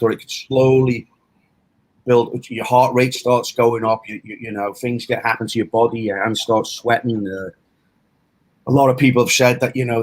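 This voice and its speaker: Husky man telling a rambling story. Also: medium pitch, rough recording. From England. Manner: rambling storytelling with many restarts and fillers. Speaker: self-defense instructor. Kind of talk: casual interview talk.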